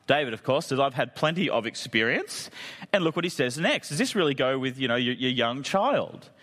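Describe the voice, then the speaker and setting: Male preacher, chatty and jokey, very expressive pitch, reverberant hall sound. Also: a little fast. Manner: conversational, jokey asides. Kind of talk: sermon.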